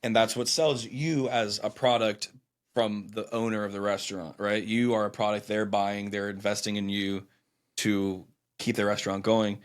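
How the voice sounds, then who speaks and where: Chef guest on a podcast; lowish voice; easygoing, reflective, agreeable. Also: male voice, flat delivery, normal speed. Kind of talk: casual chat.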